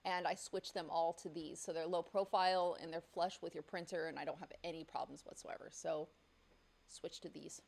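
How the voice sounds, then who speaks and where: A woman's voice: fairly low pitch, fairly even intonation, normal speed, gravelly, a little mellow. A woman hosting a casual livestream from her home studio, chatty and outspoken, swearing when annoyed, on a studio mic that picks up the room. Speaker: livestream host. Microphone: studio mic picking up the room.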